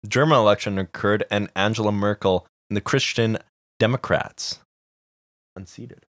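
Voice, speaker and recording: A man's voice: lowish voice, normal speed, fairly bright tone, dry recording. A man co-hosting a casual comedic political podcast, reading out news points with laid-back, dry asides. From Canada. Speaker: podcast co-host.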